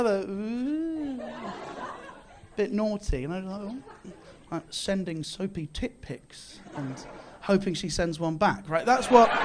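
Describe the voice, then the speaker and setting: British male stand-up, high voice, cocky self-mocking delivery, live club with faint crowd. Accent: British English. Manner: boastful deadpan bravado, self-mocking. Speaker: stand-up comedian. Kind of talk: stand-up set. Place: comedy club, live audience. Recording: live club with audience laughter.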